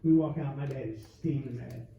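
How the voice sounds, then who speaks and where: A middle-aged man from the South, performing a stand-up comedy set with punchy storytelling and quick comic voices. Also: mid-range voice, vocal fry, recorded from a distance. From American South. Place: comedy club stage. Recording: echoey club with crowd noise, lo-fi. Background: audience laughter.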